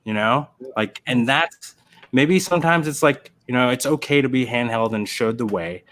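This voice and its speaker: A man in the middle of a casual livestream chat, his voice sitting at an ordinary pitch. He tells stories with energy, jumping into little character voices along the way. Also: moderate pace. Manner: animated storyteller, acts out voices in anecdotes.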